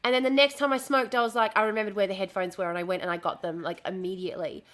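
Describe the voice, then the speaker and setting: In a mid-range, somewhat bright voice with fairly even intonation, a woman races through her words. She's a streamer showing a dress she's sewing, chatting casually, getting distracted, and swearing liberally.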